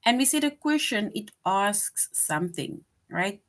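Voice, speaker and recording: A woman teaching a lesson to young children, patient and slow, reading example sentences aloud with emphasis and checking in often with "right?". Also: mid-range voice, animated, fairly bright tone.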